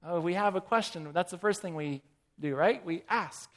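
A man's voice: high voice, moderate pace, fairly bright tone. A man preaching a sermon, asking the congregation questions and reading quotations aloud.

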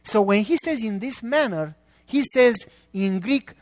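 Middle-aged male pastor, high voice, emphatic sermon delivery, long hall reverb. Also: expressive, unhurried. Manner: emphatic, quizzes the congregation with questions.

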